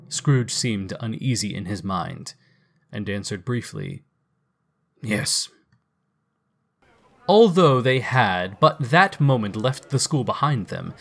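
A man narrating a classic storybook in a lively, expressive reading. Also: mid-range voice.

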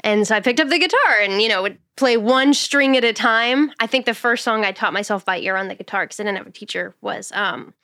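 Energetic, chatty woman singer. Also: mid-range voice, brisk, hardly any pauses, no room sound, studio quality. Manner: energetic, chatty, expressive storyteller. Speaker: singer and songwriter. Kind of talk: casual podcast interview.

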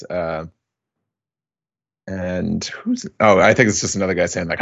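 A slow-talking man with a low, gravelly voice recaps a story in relaxed podcast chat. He stumbles through fillers and pops his voice up high whenever he quotes a character. The audio is a little dull. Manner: halting, many fillers, acts out quotes in higher voice. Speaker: podcast co-host recapping a manga chapter. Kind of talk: casual recap with quoted lines.

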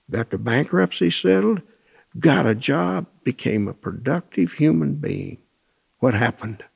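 A man's voice: mid-range voice, vocal fry, slightly rough. A man teaching a Christian class, preaching through a personal story in a folksy, storytelling way. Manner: folksy storytelling, acts out phone calls in raised voices.

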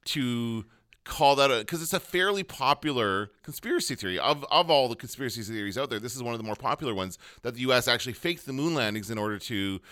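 A man's voice: mid-range voice, expressive, quick pace, pushed and bright. A man co-hosting a podcast, chatting casually about shows he likes, with lots of fillers. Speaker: podcast co-host. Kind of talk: casual chat.

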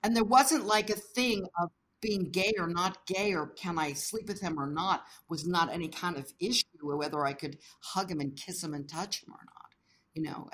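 Low-voiced animated woman telling stories. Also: slight background noise. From United States. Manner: animated, acts out quoted voices, laughs often. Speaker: interview guest. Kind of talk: casual storytelling.

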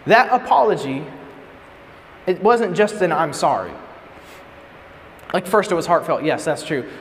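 A young man preaching to a youth group, telling a story and acting out the quotes in a lively way. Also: a little high, measured pace, slight background noise. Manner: animated storyteller, acts out quotes. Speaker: youth speaker. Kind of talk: storytelling sermon. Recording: reverberant hall with faint ambience.

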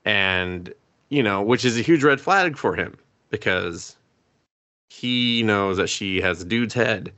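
A man's voice: lowish voice, takes it slowly, lo-fi sound. A man co-hosting a podcast, casually retelling an anime episode with lots of swearing and acted-out quotes. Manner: profane, animated storytelling, acting out quotes. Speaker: podcast co-host.

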